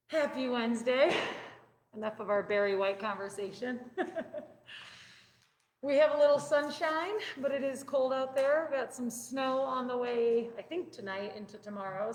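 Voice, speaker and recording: A woman leading a mindfulness and stretching class in a room with a group present. She chats casually, then speaks softly and slowly while guiding breaths. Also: on the high side. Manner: chatty and upbeat, turning soft and slow when guiding breaths. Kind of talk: casual chat and guided meditation. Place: indoor room with a live group present, also streamed online. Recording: echoey room with long reverb.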